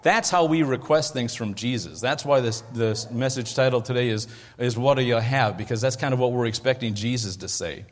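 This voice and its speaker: A man preaching a sermon as pastor, in a lively, conversational way with jokes and asides. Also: mid-range voice, brisk. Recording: echoey hall with long reverb.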